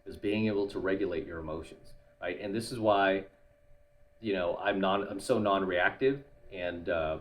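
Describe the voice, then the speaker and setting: A man's voice: low-pitched, moderate pace. Blunt man vlogging, ending lines with "right?". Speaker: YouTuber and dating coach. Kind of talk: casual monologue to camera.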